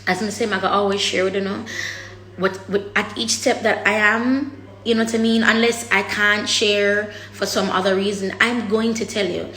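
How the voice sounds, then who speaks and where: A woman's voice: medium pitch, steady tone, moderate pace, sharp tone. A woman vlogger talking candidly to her viewers, blunt and emotional, cursing freely and often repeating herself as she searches for words. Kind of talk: candid personal talk to camera. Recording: echoey room.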